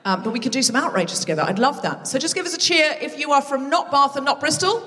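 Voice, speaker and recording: A woman works the crowd from a theatre stage, teasing and chatty, with quick asides. Her voice sits mid-range and rings out into a hall with a long tail of reverb. Faint room noise sits under her. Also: sits high, animated. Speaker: comedy podcast host. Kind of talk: live stand-up crowd work. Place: theatre stage before a live audience.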